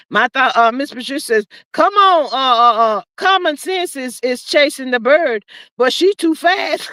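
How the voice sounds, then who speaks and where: A woman with a high, bright voice hosts a casual livestream, drawling as she reads out comments and adds sassy, preachy asides. Her close microphone sounds dry, with no echo and almost no room around it.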